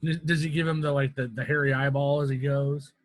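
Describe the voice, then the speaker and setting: A man's voice: fairly high pitch, level tone, a little fast, no room sound, low-quality recording. A man playing a tabletop game, who speaks for his character in formal, courteous words. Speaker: player.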